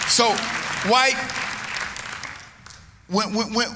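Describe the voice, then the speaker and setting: Male preacher, lively swooping delivery, shouts and low asides, teasing the congregation, in a long-reverb sanctuary. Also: slow, long pauses, some chatter behind. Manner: humorous, call-and-response with the congregation. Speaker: pastor. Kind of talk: preaching a sermon. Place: church sanctuary. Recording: reverberant hall with congregation and noise.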